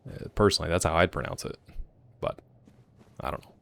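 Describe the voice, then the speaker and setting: A man's voice: low-pitched, fairly quick, creaky, fairly bright tone. A man giving casual live gameplay commentary as a streamer, chatty and joking as he reacts aloud and talks to his chat. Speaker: game streamer.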